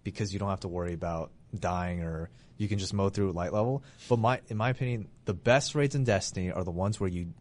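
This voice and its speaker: A man's voice: sits low, a little fast, few pauses, darkish tone. A man hosting a casual gaming podcast, talking enthusiastically and rambling with restarts. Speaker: podcast host.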